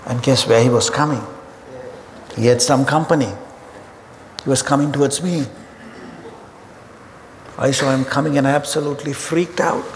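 A man preaching a sermon, telling humorous stories in an animated way. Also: medium pitch, normal speed, long pauses. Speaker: pastor. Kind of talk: sermon storytelling. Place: church auditorium. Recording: hall reverb with faint ambient noise.

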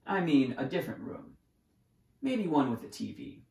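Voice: medium pitch, big pitch swings, normal speed, creaky, a little mellow. A reader voicing a cheeky, slightly nervous little boy guest, in a roomy echo.

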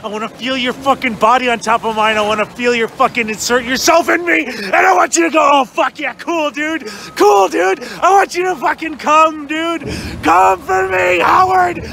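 A frantic young superfan, as a man puts him on, yelling his pleas in a very high, bright, strained voice. He rambles and begs crudely with a gravelly edge to his shouting. Faint street noise sits behind him outdoors. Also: moderate pace, full character voice. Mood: frantic ranting. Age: young adult. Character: manic, desperate young male political superfan. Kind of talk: improvised comedy rant.

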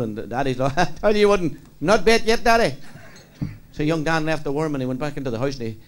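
A man's voice: medium pitch, a little mellow, a little hiss or hum. A man telling jokes in a chatty way and laughing as he goes. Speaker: comedian. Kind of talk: stand-up joke telling.

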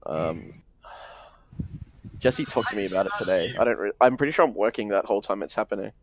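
A man's voice: on the low side, fairly quick, a little hiss or hum. A young man with an Australian accent, chatting and joking with a friend while gaming. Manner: joking, excitable, laughs often. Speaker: gamer. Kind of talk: casual chat while gaming.

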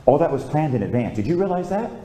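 A priest giving a homily, telling a story with lively, conversational preaching and calling out for amens, in a church. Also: male voice, a little high, quick pace, a little hiss or hum. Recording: echoey church.

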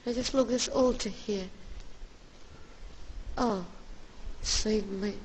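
A woman's voice: mid-range voice, steady tone, slow, a little mellow, slight background noise, low-quality recording. A woman filming a family outing on a handheld camera, talking in simple non-native English and coaxing her child along, outdoors by an old church and then inside it. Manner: coaxing and affectionate, keeps calling her child darling. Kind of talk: casual handheld vlog narration.

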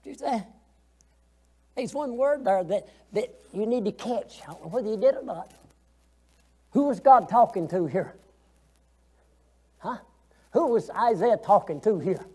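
A man's voice: high voice, animated, a little slow, pauses often, a little mellow, husky. A man teaching a Sunday school lesson, folksy and colloquial, asking the class questions as he goes.

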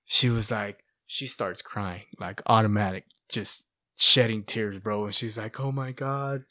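A man sharing his testimony in a casual, animated storytelling way, often asking "right?" and "you know". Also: fairly low pitch, unhurried, no echo, clean studio sound. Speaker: podcast guest sharing testimony.

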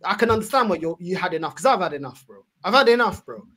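A young man hosting a laid-back fan chat, talking quickly in slangy street speech and calling everyone bro. His voice has a husky, slightly rough edge. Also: high-pitched, animated, bright, forceful tone. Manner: fast, easygoing London slang, says bro a lot. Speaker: channel host.

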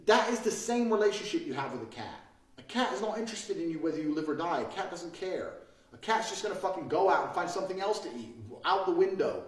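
A man's voice: sits high, expressive, fast, slightly rough. A man delivering provocative monologues in a brash, profane, lecturing way. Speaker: self-styled money and lifestyle guru. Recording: echoey clips with faint music.

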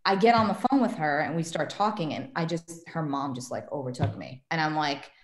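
Animated woman telling stories in an echoey room. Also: low voice, a little fast. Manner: animated storytelling, acts out quotes. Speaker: guest medium and tarot reader. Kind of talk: casual podcast chat.

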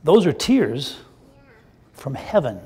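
A man voicing a gentle, kind male unicorn spirit who speaks in a soothing, reassuring way. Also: on the high side, sing-song, slow, slightly rough, in a large hall, pitched below the performer's own voice, full character voice.

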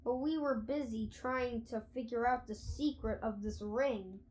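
A woman voicing a scheming, mischievous schoolboy prankster in an audiobook, with an eager, excited delivery. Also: on the high side, measured pace, slight background noise, natural voice. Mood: explaining.

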